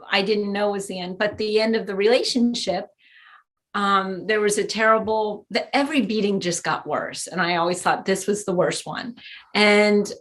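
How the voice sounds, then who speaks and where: A woman's voice: medium pitch, a bit bright. A woman guest on a podcast, telling personal stories with many fillers and bursts of laughter. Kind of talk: storytelling in interview.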